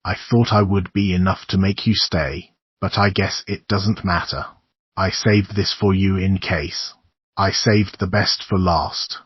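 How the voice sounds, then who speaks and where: A man voicing a cold, calculating young woman who talks with eerie calm. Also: deep voice, measured pace, slightly rough, no echo, muffled recording. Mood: eerily calm.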